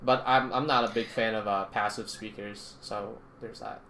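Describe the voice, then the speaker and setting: A man's voice: fairly low pitch, steady tone, moderate pace, sharp tone. A man in casual chat who rambles, with many fillers and restarts, and swears when he gets worked up. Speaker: podcast co-host.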